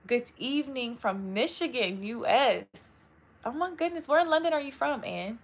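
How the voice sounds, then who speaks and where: A woman's voice: sits high, lively intonation, moderate pace, a little hiss or hum. Upbeat young woman greeting live viewers. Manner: upbeat, greets viewers by name, uses y'all. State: tired from long work weeks. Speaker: vlogger hosting a live stream. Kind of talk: casual live-stream chat with viewers.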